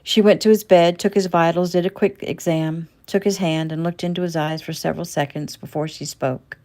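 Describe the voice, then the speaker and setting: A woman's voice: on the low side, fairly even intonation, mellow. A woman casually reading her own novel aloud as narrator. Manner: plain, unhurried reading.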